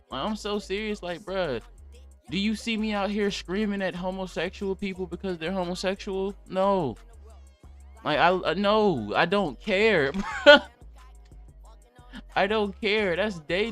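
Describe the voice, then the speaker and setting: A man's voice: high voice, a bit bright. A young man hosting a casual livestream podcast, rambling in a blunt, profane rant. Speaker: podcast host.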